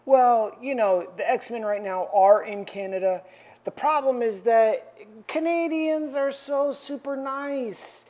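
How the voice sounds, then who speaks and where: A woman's voice: on the high side, darkish tone. A woman hosting a comic book review channel, recapping an issue in a chatty, rambling way full of slangy asides.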